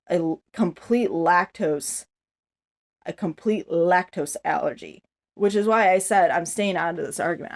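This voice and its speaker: A woman's voice: mid-range voice, a little mellow. A woman ranting angrily to the camera, rambling and swearing constantly as she vents. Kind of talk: angry profane rant to camera.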